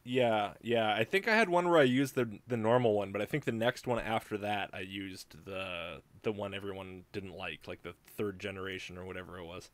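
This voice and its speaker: A man with a low voice chats casually and drops dry, teasing remarks. His voice is recorded close and dead, with no room sound. He talks at an easy pace. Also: normal speed, hardly any pauses, no room sound. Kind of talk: casual chat.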